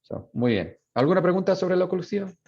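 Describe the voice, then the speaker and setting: A man's voice: high-pitched, big pitch swings, fast talker, gravelly, darkish tone. A man teaching a Spanish class online, explaining patiently and mixing English with Spanish. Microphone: video call. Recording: dull lo-fi video call audio.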